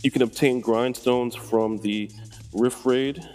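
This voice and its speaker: A man's voice: mid-range voice, steady tone, takes it slowly, darkish tone, faint music behind. A man co-hosting a casual gaming chat, explaining event rules with frequent ums. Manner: explanatory, many ums and you-knows. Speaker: co-host.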